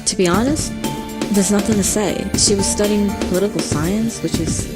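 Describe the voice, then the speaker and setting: A woman's voice: medium pitch, normal speed, lightly acted. An actress voicing a blunt, defensive female college student with a put-on Brooklyn-Queens accent. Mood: curt. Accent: Brooklyn / Queens, New York. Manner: curt, dismissive, defensive. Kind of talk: video game voice acting. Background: loud game music.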